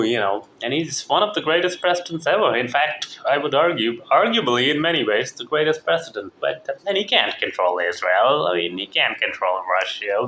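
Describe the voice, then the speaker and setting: A man's voice: mid-range voice, sharp tone, echoey room, a little hiss or hum. A man who did not grow up speaking English, with a partly Southern American accent, talking in a profane, rambling, opinionated monologue. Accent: mixed, partly American Southern.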